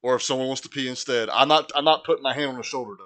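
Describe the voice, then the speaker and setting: Rambling man player, bright voice. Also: mid-range voice, fairly even intonation, very fast. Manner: hesitant, rambling.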